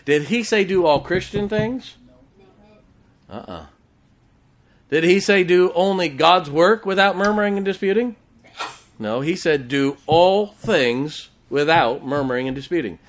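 A man's voice: high-pitched, lively intonation, unhurried. A middle-aged man preaching a sermon, drawing call-and-response from the congregation and slipping in jokes. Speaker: pastor.

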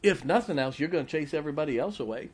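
A man preaching a folksy Baptist sermon, breaking into slow sung hymns and telling humorous stories. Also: fairly high pitch, animated, background noise. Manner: breaks into hymns and scripture, sung slowly and loudly; storytelling with humor.

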